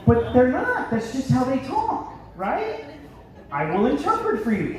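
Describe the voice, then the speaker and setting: Brash male comedian on a big stage, high voice, very reverberant hall, distant mic. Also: big pitch swings, measured pace, music in the background. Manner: brash, switches into gruff Philly voices for bits. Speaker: stand-up comedian. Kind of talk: stand-up comedy set. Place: large theater stage with live audience.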